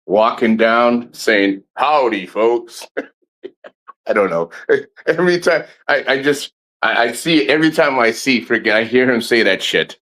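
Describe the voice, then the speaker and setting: A man's voice: medium pitch, animated, measured pace, a bit bright. A man hosting a casual livestream, swearing freely, laughing often and rambling with restarts. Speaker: livestream host.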